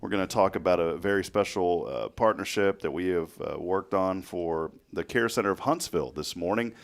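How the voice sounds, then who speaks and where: A man with a somewhat low voice hosts a local morning talk show. He tells loose, rambling stories, stops for fillers and laughs often. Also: moderate pace, vocal fry. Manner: chatty storyteller, laughs often, many fillers. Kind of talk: casual chat.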